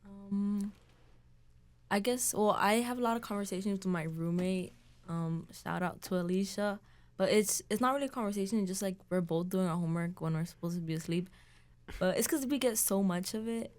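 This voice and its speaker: A woman's voice: mid-range voice, brisk, darkish tone. A teenage girl student talking about her program in a hesitant casual chat, with many fillers. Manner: hesitant, lots of ums and likes.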